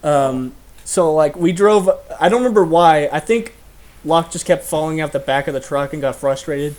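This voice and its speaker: A man's voice: on the high side, moderate pace, a little mellow. A young man hosting a casual chat, telling stories animatedly and laughing often. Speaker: host.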